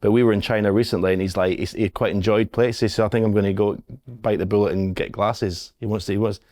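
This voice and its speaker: Low-voiced male host, dry sound. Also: steady tone, quick pace, dark tone, dry recording. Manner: asks questions, many restarts and repeated words. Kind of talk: casual chat.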